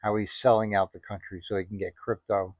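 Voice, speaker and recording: A man's voice: fairly low pitch, little pitch movement, fairly quick, no room sound. A man giving casual spoken commentary, rambling and indignant, full of "you know" asides. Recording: dry, dull lo-fi audio.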